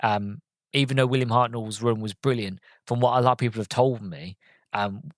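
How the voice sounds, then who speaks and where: A man's voice: mid-range voice, fairly even intonation, moderate pace, dry recording. A man hosting a podcast, giving a rambling, emotional and enthusiastic film review in a casual monologue. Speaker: podcast host.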